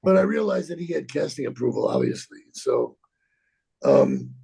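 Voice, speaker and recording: An actor in his sixties telling a rambling, profane story in an interview, halting and repeating himself. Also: medium pitch, huge pitch swings, mellow. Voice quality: gravelly, husky.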